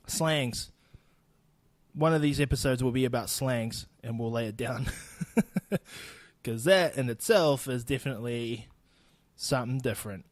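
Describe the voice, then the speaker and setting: Young New Zealand man, blunt and profane podcast host, even mid pitch, dead-dry close sound. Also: unhurried, no room sound. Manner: blunt, sweary, laughing asides. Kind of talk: solo podcast rant. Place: home recording in Austin.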